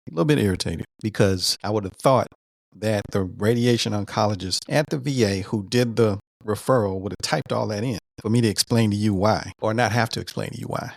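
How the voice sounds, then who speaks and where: A man in his fifties, a veteran, casually retelling a doctor's visit in an animated way, repeating words and quoting what was said. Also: on the low side, fairly quick, vocal fry, dry recording, studio quality. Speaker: veteran sharing his cancer treatment story. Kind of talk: casual storytelling.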